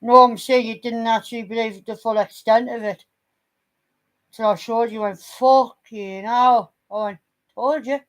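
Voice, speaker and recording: A woman's voice: on the high side, level tone, normal speed. A woman, chatting casually on a vlog, blunt and teasing, swearing freely. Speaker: vlogger. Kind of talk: casual chat.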